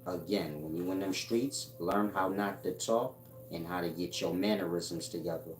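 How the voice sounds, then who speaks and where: A man's voice: low voice, moderate pace. A man giving a blunt, profane monologue with street slang, lecturing his viewers in a streetwise way. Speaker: self-help channel host. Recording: echoey room with music behind. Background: music.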